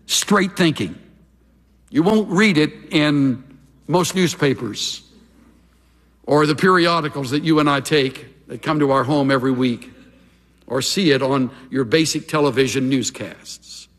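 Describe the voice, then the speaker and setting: An older pastor delivers a sermon with emphatic exhortation that drops to hushed asides. His voice is husky and sits fairly high. The recording has a long reverb tail with faint music underneath. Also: measured pace, long pauses.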